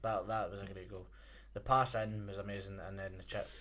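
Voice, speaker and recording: A man's voice: lowish voice, flat delivery, brisk, fairly bright tone. A man, co-hosting a podcast in casual chat, blunt and laconic with casual swearing. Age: 20s. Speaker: podcast co-host.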